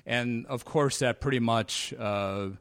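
A man in his fifties sharing his recovery story at a convention, halting with many fillers and a dry, sarcastic humor. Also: medium pitch, a bit bright, clean tone, dry recording. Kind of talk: personal talk at a convention. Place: convention meeting room.

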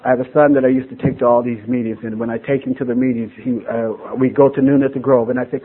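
A man's voice: medium pitch, fairly even intonation, fast, hardly any pauses, breathy edge. Middle-aged man telling his story, tinny audio. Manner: earnest, emotional storyteller. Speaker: speaker sharing a recovery story. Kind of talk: personal testimony to a live gathering.

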